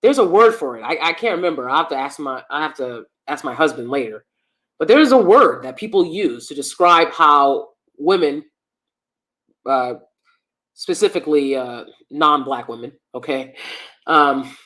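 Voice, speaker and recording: Emphatic, low-voiced woman hosting a stream. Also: expressive, a little slow, a bit bright. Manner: emphatic, opinionated, repeats herself for stress. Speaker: host. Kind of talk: casual livestream chat, reading viewer comments.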